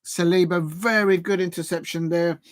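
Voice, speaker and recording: A man hosting a live football watch-along on his channel, chatty and excitable and jumping to shouts at big chances. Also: sits high, normal speed, no echo.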